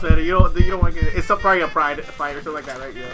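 Fast-talking, high-pitched podcast man. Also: music in the background. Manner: fast, loud, joking and swearing. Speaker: podcast co-host. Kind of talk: casual crude banter.

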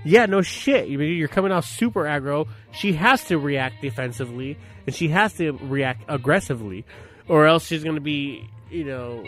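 A man chatting casually on a podcast about relationships, cursing freely and telling stories with sudden loud outbursts. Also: on the high side, normal speed, faint music behind. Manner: profane, animated storytelling with sudden shouted outbursts.

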